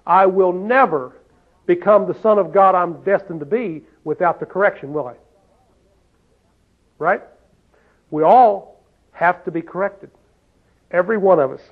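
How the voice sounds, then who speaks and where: A man's voice: high-pitched, measured pace, pauses often. A man preaching a sermon in a folksy way, often asking the listeners questions and saying "see?". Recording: tinny phone-like sound.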